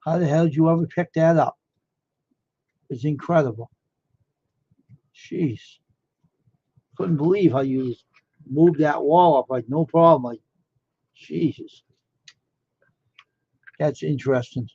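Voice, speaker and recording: A man's voice: fairly high pitch, slow, long pauses, darkish tone, slightly rough, no echo. A man chatting casually on a live stream, rambling and amazed, firing off one question after another. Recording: dull lo-fi dry sound.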